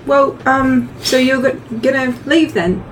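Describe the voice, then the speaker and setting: A woman's voice: high-pitched, a little slow, slight background noise. A woman chatting as a tabletop player, chirpy and awkward. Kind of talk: casual chat. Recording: distant mic.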